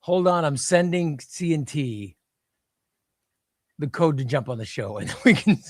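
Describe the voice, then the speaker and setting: A man with a high, bouncy voice that leaps all over the place hosts a comic book livestream, chatting casually in an excitable, flustered, self-deprecating way. His delivery is a little slow, and the sound is dry and close, with no room and no echo around it.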